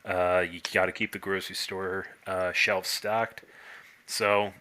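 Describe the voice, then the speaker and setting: A man, a brewer, chatting casually on a podcast, pausing often with fillers and restarts. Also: deep voice, little pitch movement, bright, forceful tone. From United States. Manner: hesitant, many "uh" fillers and restarts. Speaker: brewer guest.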